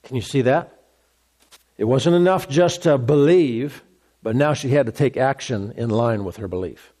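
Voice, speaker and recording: A man's voice: mid-range voice, moderate pace, dark tone. A man preaching a sermon, emphatic, repeating phrases and restarting mid-sentence.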